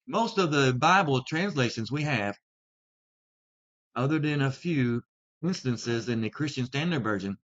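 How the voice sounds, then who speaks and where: Man, Bible teacher, mid-range voice, deliberate delivery, stresses key words, slightly muffled lo-fi recording. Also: mid-range voice, a bit bright. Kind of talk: explanatory video talk. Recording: slightly dull lo-fi sound.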